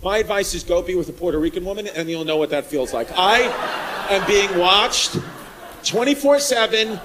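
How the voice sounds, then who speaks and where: A man from New York doing live stand-up comedy on a club stage, loud and rowdy, shouting his punchlines. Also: sits high, expressive, moderate pace. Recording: live club recording with crowd noise. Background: laughing crowd.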